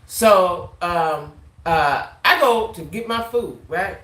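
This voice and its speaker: A woman tells a story to her viewers in an animated, casual way, often checking in with a quick "right?". Her voice is bright and forward, and the room around her echoes. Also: on the low side. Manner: animated, tags lines with "right?". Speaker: vlogger.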